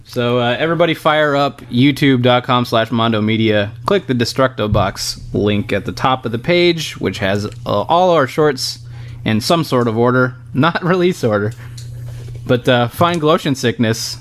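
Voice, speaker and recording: A man's voice: medium pitch, lively intonation, normal speed. A man hosting a casual commentary podcast, talking loosely with fillers and laughing along with his co-hosts. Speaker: podcast host.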